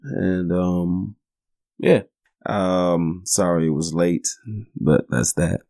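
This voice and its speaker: A man's voice: sits low, fairly even intonation, drawn-out words, warm tone, dry recording, studio quality. A man in his forties hosting a podcast, telling stories in a rambling, profane, joking way. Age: 40s. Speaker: podcast host. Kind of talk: casual storytelling monologue.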